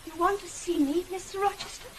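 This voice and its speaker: A proud young governess with a high, light voice in a 1950s television drama. She speaks politely and with restraint, and her voice trembles when she is upset. A faint hiss sits under the old recording. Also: steady tone, brisk, low-quality recording. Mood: tender.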